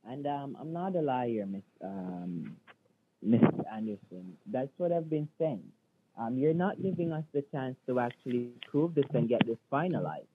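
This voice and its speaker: A man's voice: mid-range voice, very animated, normal speed, a little hiss or hum, natural voice. A man playing a defensive male call-center manager, lecturing with many fillers over the phone. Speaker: phone scammer. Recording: tinny phone line.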